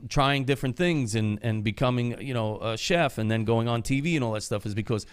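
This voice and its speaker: A man's voice: mid-range voice, a little fast, clear, resonant tone. A man hosting a casual podcast, talking loosely and profanely about working in the trades. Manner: loose, profane, laughs often. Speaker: podcast host.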